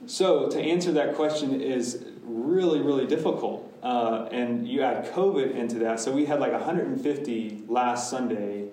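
Man, pastor, candid classroom Q&A, mid pitch, distant mic in a very reverberant room. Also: normal speed, few pauses, mellow, slight background noise. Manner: candid, talks in restarts and asides. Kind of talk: casual Q&A with a church class.

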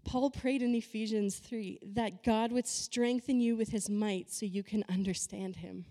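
A woman's voice: mid-range voice, fairly even intonation, a little slow, warm tone. Woman preaching in a reverberant hall. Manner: conversational, emphatic preaching with rhetorical questions. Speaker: pastor. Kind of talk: sermon.

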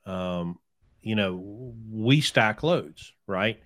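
A man's voice: on the low side, expressive, drawn-out words, a bit bright. A man hosting a podcast, telling stories in a casual chat and acting out the people he quotes. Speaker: podcast host, trucking business owner.

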